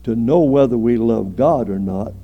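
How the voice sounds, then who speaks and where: Male preacher, slow earnest sermon, gravelly voice, dull lo-fi recording. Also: mid-range voice. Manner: slow, earnest preaching with drawn-out phrases and emphatic rises.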